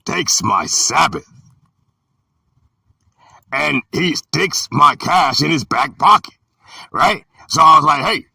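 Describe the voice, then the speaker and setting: A man in his fifties telling a story in an emphatic, preachy way, sometimes shouting, with a gravelly, raspy voice. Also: a little high, expressive, slow pace, pauses often, no room sound. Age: 50s. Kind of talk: storytelling talk. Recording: dry and distant from the mic.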